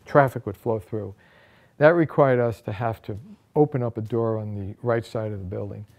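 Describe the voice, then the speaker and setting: A man with a mellow, soft-edged voice recounts a personal anecdote in the first person. He tells it as an animated storyteller, pushing his voice higher and louder as the tension builds. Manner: animated storyteller, voice rises and gets louder at dramatic moments.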